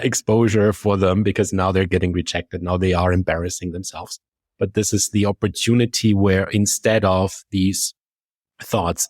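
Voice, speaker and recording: A man with a German accent, a confidence coach talking as a podcast guest and telling lively stories that act out his own thoughts. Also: low voice, dry recording. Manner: lively storytelling, acts out quoted thoughts. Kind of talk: conversational podcast discussion.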